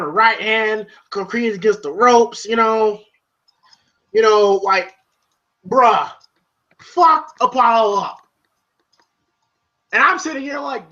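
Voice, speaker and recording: Casual movie review, bright forceful voice, excitable, swears a lot, dull lo-fi recording. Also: medium pitch. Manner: excitable and profane, recapping scenes in long run-on retellings.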